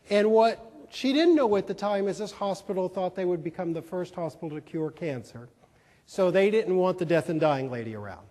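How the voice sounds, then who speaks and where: Keynote speaker, man, high voice, folksy humor, reverberant hall. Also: animated, moderate pace, a little mellow. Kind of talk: storytelling conference talk. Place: large conference hall.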